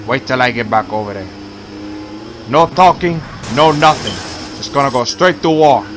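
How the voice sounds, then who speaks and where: A man's voice: medium pitch, expressive, moderate pace, noisy background, close to an everyday voice. A man voicing a hot-tempered gangster boss while commentating gameplay, with broken, profane threats. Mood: menacing. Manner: broken English, profane threats, shouting bursts. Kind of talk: in-character game commentary.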